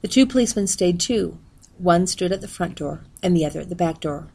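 Low gravelly-voiced woman reading aloud. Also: animated, a little fast, darkish tone. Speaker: reader.

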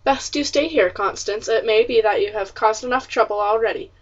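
A woman's voice: fairly high pitch, a little fast, muffled recording, close to an everyday voice. A woman reading the part of a practical, stern young colonial woman who speaks firmly and reprovingly. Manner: firm, reproving, old-fashioned speech.

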